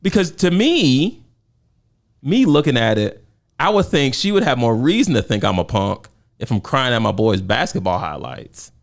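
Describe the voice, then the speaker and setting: A middle-aged father with a gravelly voice, co-hosting a podcast and pressing questions in a casual debate. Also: medium pitch, very animated, moderate pace. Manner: questioning, pushes back. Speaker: podcast co-host.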